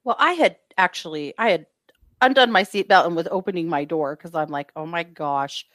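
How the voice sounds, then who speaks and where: A woman's voice: on the low side, a little fast, no room sound, clean studio sound. A woman co-hosting a true crime podcast, telling a story in casual chat and acting out what people said. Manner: lively retelling with acted-out quotes.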